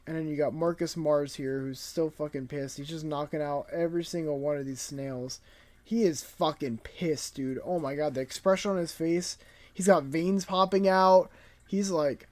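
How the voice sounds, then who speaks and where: A man's voice: on the high side, moderate pace, a little mellow. A man reviewing a comic chapter in casual, rambling commentary, laid-back and profane, sounding tired late at night.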